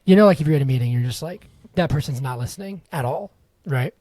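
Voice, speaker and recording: Young guy cohosting a podcast, mellow dark voice, jokey and rambling, dry close sound. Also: fairly high pitch, expressive, quick pace, dry recording. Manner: joking, rambling, wheezy laughs. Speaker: podcast co-host. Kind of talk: casual chat.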